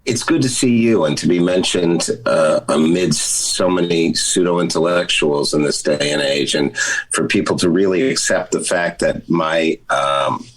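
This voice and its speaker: Schorre New Yorkse komiek, lage stem. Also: male voice, measured pace, poor audio. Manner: crude deadpan bits with sudden high-pitched put-on voices. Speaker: comedian guest. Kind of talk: riffing comic banter. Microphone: video call.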